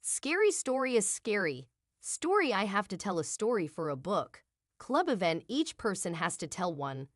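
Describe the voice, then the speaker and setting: A woman's voice: mid-range voice, big pitch swings, normal speed, no room sound, studio quality, close to an everyday voice. A woman voicing an eager, curious sixth-grade boy in a drama story.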